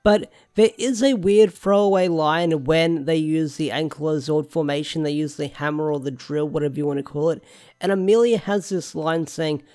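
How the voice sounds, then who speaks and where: A man's voice: on the high side, moderate pace, a little mellow, soft background music. A young man chatting casually through a show review, rambling, restarting sentences and thinking aloud as he goes. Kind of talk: casual solo review talk.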